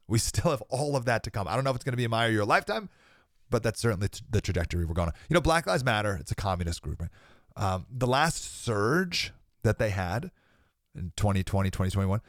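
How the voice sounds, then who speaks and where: A young man gives an emphatic preaching monologue as a podcast host, his pitch leaping high and dropping low as he drives each point home. He sounds slightly sick with a cold and laughs briefly between thoughts. The recording is close and dry, with no room sound. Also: no echo.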